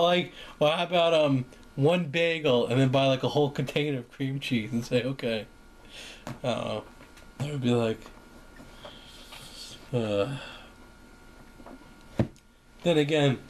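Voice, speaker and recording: A young man rambling casually to camera, joking and acting out imagined conversations. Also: mid-range voice. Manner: rambling, jokey, acts out imagined exchanges. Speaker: vlogger. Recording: faint background noise.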